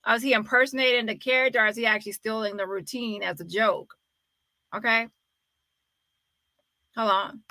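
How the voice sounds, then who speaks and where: A woman's voice: on the high side, fairly even intonation, moderate pace, pauses often, bright, forceful tone, dry recording. A woman hosting a casual live-stream commentary, chatty and often exclaiming as she talks. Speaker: commentary host.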